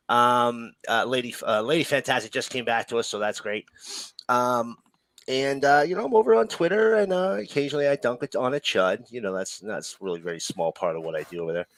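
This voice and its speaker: A man's voice: medium pitch, a bit bright, dry recording. A man chatting as a guest, hesitant and full of fillers. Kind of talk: casual chat.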